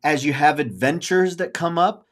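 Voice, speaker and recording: With a slightly high voice at normal speed, a podcast host in his forties talks casually and openly about his emotions. He's earnest and rambling, coming back to the same phrases again and again.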